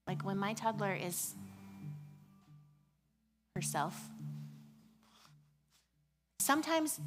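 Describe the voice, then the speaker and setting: A woman in her thirties preaching a sermon in a conversational, animated way, often dropping to a hush. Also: lowish voice. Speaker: pastor.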